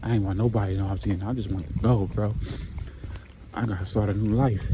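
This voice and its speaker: A man's voice: on the low side, fairly even intonation, fast talker, background noise. A man casually narrating a story in slangy, conversational speech. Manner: slangy, conversational, retells with quoted voices.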